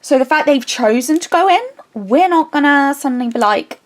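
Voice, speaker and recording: A craft vlogger chats casually, retelling a story in a rambling, animated way with many restarts. She has a high-pitched voice and speaks at normal speed.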